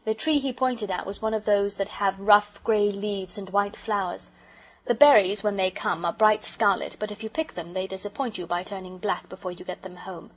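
A woman reads a children's audiobook aloud, gentle and measured in her telling. Her voice is husky and breathy, sitting at an ordinary middle pitch. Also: steady tone, rough recording. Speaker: audiobook narrator.

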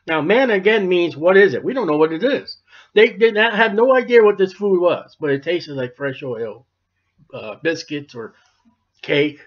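A man's voice: high voice, animated, moderate pace. A male pastor preaching a sermon, explaining scripture in a folksy, wry manner. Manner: folksy, wry Bible commentary. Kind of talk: expository sermon. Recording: dull lo-fi recording.

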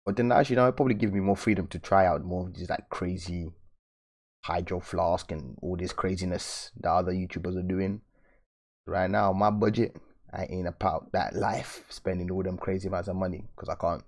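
A young man chats loosely with viewers while he draws, full of slang and easy laughs. His voice sits very low, and he talks the way a host does on a relaxed live stream. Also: brisk. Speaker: art channel host. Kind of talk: casual live-stream chat while drawing.

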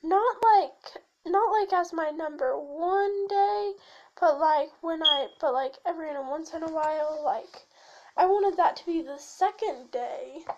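The host of this channel is a teenage girl talking casually to camera, her very high-pitched voice unhurried and darkish in tone, with the highs cut off. She rambles, gets sidetracked, uses many fillers and restarts, and habitually shifts her voice.

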